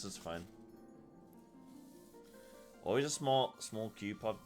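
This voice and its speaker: A man's voice: lowish voice, expressive, slow pace, soft background music. A man streaming a game, chatting casually in a joking, self-deprecating way.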